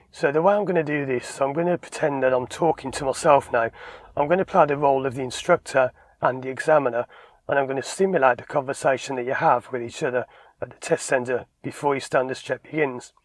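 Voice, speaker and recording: Driving instructor, plain dry sound. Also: male voice, medium pitch, a little fast, dry recording. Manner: emphatic, acts out dialogue. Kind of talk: direct-to-camera instructional talk.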